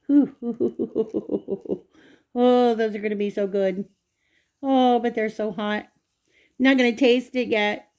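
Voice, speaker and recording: A woman's voice: a little high, fairly even intonation, a little slow, a little mellow, smooth, lo-fi sound. A woman hosting a casual home cooking vlog in her kitchen, chatting straight to viewers as she cuts food open and tastes it.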